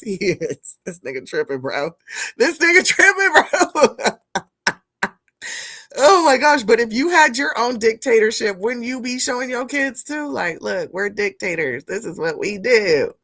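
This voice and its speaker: A woman streaming live, reacting to news clips and chatting with her viewers, blunt and profane, calling them "family". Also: mid-range voice. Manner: animated, blunt, profane, talks to chat as "family". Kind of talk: live-stream commentary chat.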